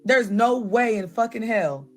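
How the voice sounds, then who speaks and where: A young woman telling a personal story in a casual, blunt and profane way, with lively asides to her viewers. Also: a little high, measured pace, soft background music.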